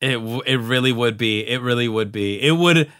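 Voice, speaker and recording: A man co-hosting a podcast, chatting casually in a sassy, animated way full of drag slang. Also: mid-range voice, moderate pace, smooth. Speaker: podcast co-host. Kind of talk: casual chat.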